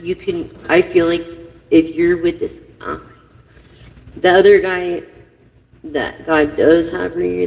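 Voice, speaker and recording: A woman's voice: sits low, vocal fry, dark tone, long reverb tail, poor audio. A woman doing a casual tarot reading for her viewers, giving blunt, profane, rambling advice. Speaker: intuitive tarot reader.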